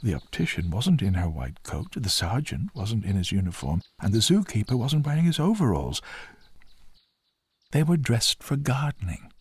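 A man narrating a children's storybook in a gentle, expressive way. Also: on the low side, normal speed, slightly rough, no echo.

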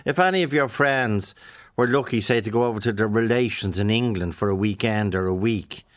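A man hosting a radio phone-in, asking probing questions with lively banter. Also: lowish voice, brisk. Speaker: radio host. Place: radio studio.

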